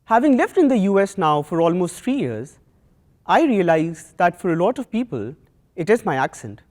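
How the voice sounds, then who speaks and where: A young man from Pakistan with a South Asian accent, giving a prepared, earnest talk with measured rhetorical pauses. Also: sits high, very animated, a little mellow. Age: young adult. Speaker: student speaker.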